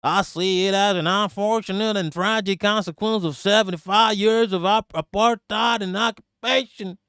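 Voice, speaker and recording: A man doing a formal American politician, higher voice. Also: steady tone, normal speed, fairly bright tone, smooth, no room sound, studio quality. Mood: earnest. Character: American male politician giving a measured statement.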